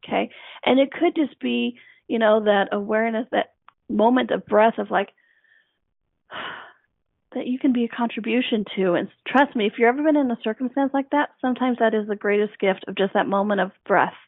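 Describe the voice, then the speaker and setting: A woman's voice: fairly high pitch, a little fast, vocal fry, no echo. A woman hosting a self-help radio show, talking in an earnest, coaching way and repeating her key phrases. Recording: dry tinny phone-like line.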